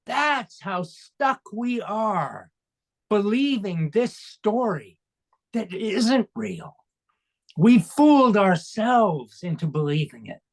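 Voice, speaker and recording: A man in his sixties from Canada, a coach and speaker, talking as an interview guest in an emphatic, fervent motivational way. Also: high voice. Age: 60s. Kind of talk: interview conversation.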